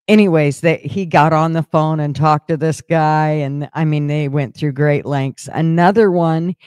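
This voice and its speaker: A man in casual group chat, rambling through his stories with frequent laughs and swearing. His voice sits a little high for a man. The sound is dry and close. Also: a little mellow, smooth, no echo. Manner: rambling storyteller, swears freely, laughs often. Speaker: host.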